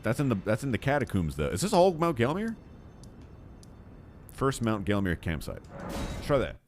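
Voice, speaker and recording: A man's voice: medium pitch, huge pitch swings, normal speed, soft background music. A man streaming a video game, chatting casually in a jokey, rambling way and muttering to himself as he plays. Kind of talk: casual gameplay commentary.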